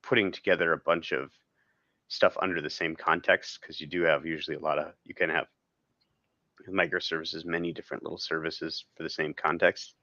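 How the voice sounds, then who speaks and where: Deep-voiced guy rambling on a podcast, bright edge to his voice, muffled dry audio. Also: little pitch movement, brisk, no room sound. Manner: rambling, frequent laughs. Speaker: podcast guest. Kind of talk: casual chat. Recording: dull, dry lo-fi sound.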